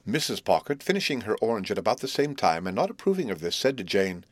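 A man with a low voice narrates a classic novel in a measured, expressive way. The recording is dry and close, with no room sound at all. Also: dry recording. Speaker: audiobook narrator.

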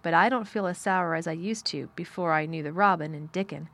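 A woman's voice: on the low side, brisk, fairly bright tone. A woman voicing a blunt, frank young girl. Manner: frank, plain-spoken.

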